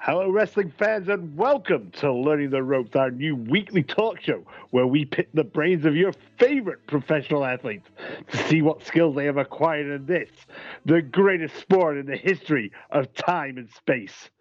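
A man's voice: fairly high pitch, expressive, moderate pace, dry recording. A man playing an upbeat wrestling talk-show host with an announcer's manner, on a dull old radio sound. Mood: hyping. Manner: announcer-style, hyping.

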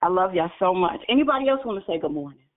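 A woman's voice: lowish voice, lively intonation, slight background noise. Woman hosting a prayer call by phone. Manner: warm, quick to bless callers. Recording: phone line.

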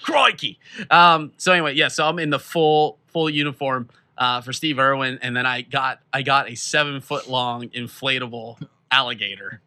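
A young man co-hosting a casual podcast, telling a rambling, animated story and laughing often. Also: medium pitch, moderate pace, smooth. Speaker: podcast co-host. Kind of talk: casual chat, played as an old episode clip.

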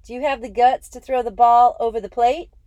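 A woman voicing a fearless adult male ballplayer with a squeaky voice, taunting and firm, in a storybook reading. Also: fairly even intonation, brisk, dark tone, dry recording, dull audio, natural voice.

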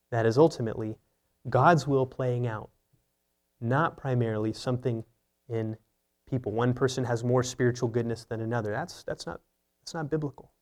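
A man's voice: medium pitch, darkish tone. A man preaching an earnest, teaching sermon, often asking rhetorical questions. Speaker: pastor.

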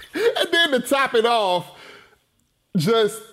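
A man in casual film talk, animated and quick to laugh, acting out scenes as he goes. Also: very high-pitched. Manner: animated, laughing, says "you know what I'm saying".

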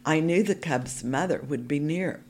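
A woman reading a storybook aloud for a podcast, narrating in the first person in a calm, measured way. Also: low voice, slight background noise.

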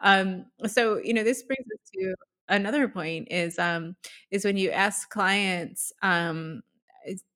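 A woman's voice: mid-range voice, takes it slowly. Laughing woman coach on a podcast. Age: adult. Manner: animated, explains with examples and laughs often. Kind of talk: casual podcast conversation.

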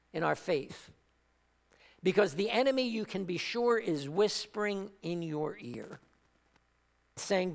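Woman preacher, sermon, emphatic repetition, gravelly voice, long hall reverb. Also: medium pitch.

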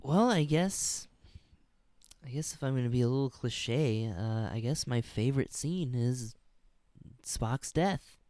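A man in a casual movie chat, a relaxed and enthusiastic fan who swears casually. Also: mid-range voice, a little slow, dry recording. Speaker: podcast co-host.

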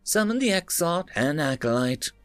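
A man's voice: fairly high pitch, big pitch swings, moderate pace, fairly bright tone, no room sound, soft background music, pitched above the performer's own voice. A man voicing a weary, dutiful starship captain who speaks formally. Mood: grave.

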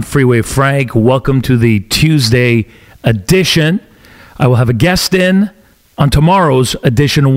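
A middle-aged Canadian man hosting his own podcast, ranting bluntly about politics in a combative, offhand way. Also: medium pitch. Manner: blunt, combative, talks with his hands in asides. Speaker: podcast host. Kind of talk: opinionated political rant.

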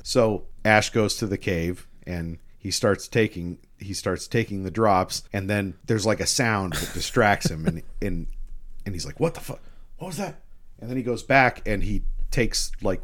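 Deep-voiced man sharing film trivia. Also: fairly bright tone. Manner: chatty, adds film trivia with laughs. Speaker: podcast co-host. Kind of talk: casual movie discussion.

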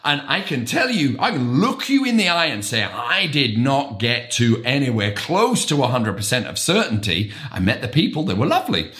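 A middle-aged man, a real estate broker, giving an emphatic, animated motivational talk. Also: medium pitch, normal speed, few pauses.

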